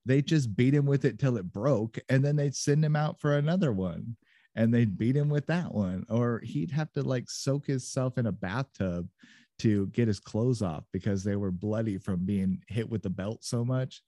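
A man's voice: mid-range voice, moderate pace, mellow, no room sound. Brief: male podcast co-host, easygoing rambler, frequent laughs, dry close mic. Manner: rambling, laughs often, loose storytelling. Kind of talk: casual podcast chat.

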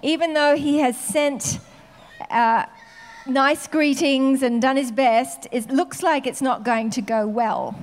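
A woman preaches a sermon in a chatty, unscripted way. Her voice is high, and she often pauses with fillers before going on. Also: steady tone. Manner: conversational, with many fillers.

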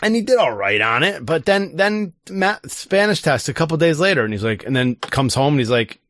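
A man's voice: on the high side, a little fast, dry recording, studio quality. A middle-aged man chatting casually as a podcast co-host, telling stories and acting out family dialogue. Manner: animated storytelling, acts out family dialogue. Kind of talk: casual chat.

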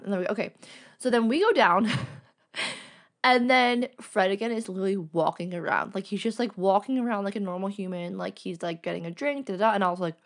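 A woman's voice: medium pitch, a little fast. A young woman hosting a podcast, telling a long personal story in a chatty way, peppering her speech with "like" and acting out what people said. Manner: chatty, fills speech with "like", acts out quoted dialogue. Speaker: podcast host. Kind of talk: casual storytelling monologue.

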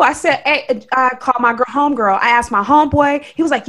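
A woman from Oakland with a Bay Area accent, co-hosting a podcast and telling a story in an emphatic, animated way. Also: high voice, quick pace, hardly any pauses. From Oakland, California. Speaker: podcast co-host. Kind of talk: casual storytelling chat.

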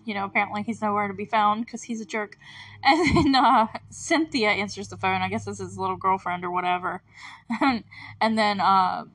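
A woman's voice: mid-range voice, fairly quick, fairly bright tone. A woman hosts a podcast in a loose, conversational recap style. She talks in a mid-range voice, filling her sentences with "like" and "um" and breaking into laughter between remarks. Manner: chatty, filler-heavy, laughs between remarks. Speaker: podcast host. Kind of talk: casual TV episode recap.

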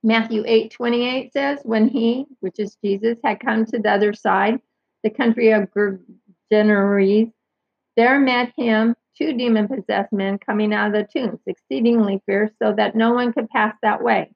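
Gravelly woman reading scripture aloud. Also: a little high, steady tone, measured pace, no room sound. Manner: careful, repeats and clarifies who is meant. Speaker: Bible teacher. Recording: dull lo-fi sound.

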